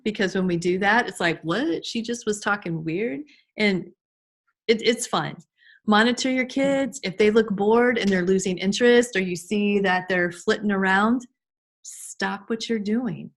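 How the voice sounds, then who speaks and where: A woman giving an informal online class to teachers over a video call, chatty with frequent restarts and fillers. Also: medium pitch. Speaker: early childhood trainer.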